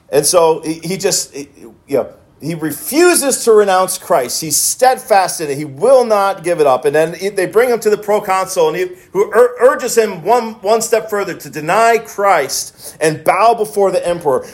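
A man's voice: high voice, expressive, normal speed. A male pastor telling a story in a sermon, with many restarts as he retells it.

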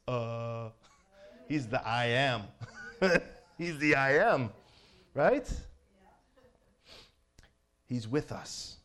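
A man preaching an informal sermon in a conversational way, asking his listeners questions and building to loud, fervent exhortation. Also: medium pitch, extremely slow, long pauses.

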